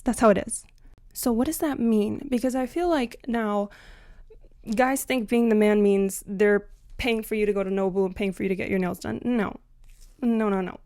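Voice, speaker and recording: A young woman ranting to camera about dating, blunt and sarcastic, swinging between loud outbursts and muttered asides. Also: a little high, no echo, clean studio sound. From Latina. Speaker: comedic commentary host. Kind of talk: scripted comedic rant to camera.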